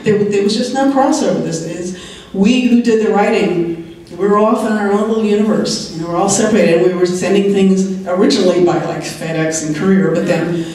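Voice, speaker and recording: A woman in her sixties tells stories on a convention panel as a TV writer, chatting and laughing often, her voice a little hoarse. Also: medium pitch, brisk, warm tone. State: slightly hoarse, clearing her throat. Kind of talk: anecdotal convention talk. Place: large convention hall. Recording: very echoey hall, voice heard from far off.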